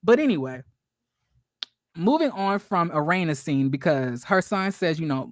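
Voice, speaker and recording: A man's voice: fairly high pitch, sing-song, measured pace, dry recording, studio quality. A man giving a casual, gossipy recap of a reality show, full of fillers and shade, talking straight to his viewers. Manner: chatty and gossipy, addresses viewers as y'all, full of likes and you-knows; sassy, throws shade. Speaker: YouTube commentator.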